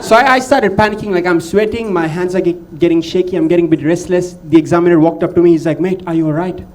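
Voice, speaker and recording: A man from India doing a chatty stand-up set, teasing the crowd. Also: fast talker. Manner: chatty, teasing the crowd, drops low to mimic his father. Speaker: stand-up comedian.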